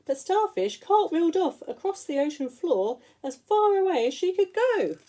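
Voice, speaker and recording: A woman teacher reading picture books aloud to young children in an expressive, sing-song way. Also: very high voice, normal speed. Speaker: school teacher.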